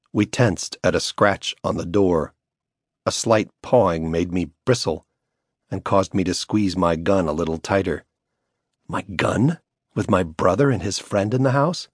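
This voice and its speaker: Deep-voiced man narrating an audiobook. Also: no echo, studio quality. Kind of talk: scripted first-person narration.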